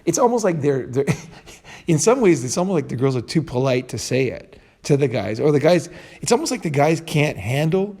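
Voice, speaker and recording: Male podcast host, blunt rambling delivery, warm dark timbre. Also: on the high side, big pitch swings, normal speed. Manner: blunt, rambling, with restarts and swearing. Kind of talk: casual podcast chat.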